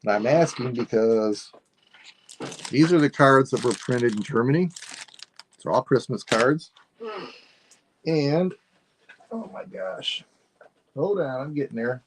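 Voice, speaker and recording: A man selling items on a live stream, thinking aloud in a rambling, unhurried way as he describes each piece. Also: medium pitch, a little hiss or hum. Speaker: online seller. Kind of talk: live-stream sales chat.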